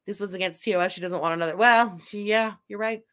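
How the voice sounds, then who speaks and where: A woman's voice: mid-range voice, fast talker, a bit bright. A woman from Canada giving profane, sarcastic commentary while reacting to a video. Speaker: commentary streamer.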